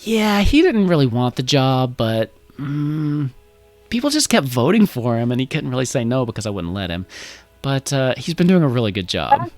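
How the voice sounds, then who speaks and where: A man's voice: mid-range voice, big pitch swings, normal speed, no room sound, soft background music, lightly acted. A man voicing a cheerful, pushy young woman who talks in a chirpy, bouncy way. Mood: teasing.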